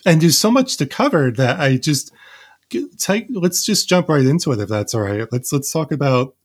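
A man's voice: a little high, sing-song, moderate pace. A man hosting a podcast interview who talks eagerly, often repeating words and restarting his sentences. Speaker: podcast host.

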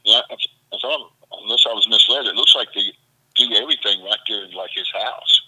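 A man's voice: fairly low pitch, a little fast, sharp tone, breathy edge, poor audio. A man with a Southern accent hosting a casual chat, talking in a rambling, stop-start way.

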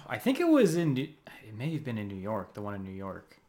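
Soft-spoken man in casual chat. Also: on the low side, wildly swooping pitch, fast. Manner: quiet, brief backchannel replies. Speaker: podcast co-host.

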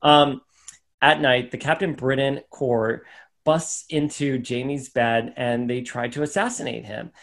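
A man's voice: medium pitch, measured pace, gravelly. A man co-hosting a podcast, giving a casual recap of a comic book issue and acting out the characters' lines along the way. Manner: animated storyteller, acts out character quotes. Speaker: podcast co-host.

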